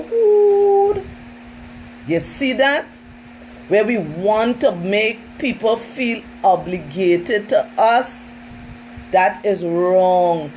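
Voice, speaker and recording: A woman trainer speaks to her listeners in an emphatic, conversational way. Her voice sits at an ordinary middle pitch. She keeps turning to them directly, with a faint hum behind her. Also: a little mellow, rough recording. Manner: emphatic, conversational, often says "listen" and "you know". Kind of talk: informal training talk.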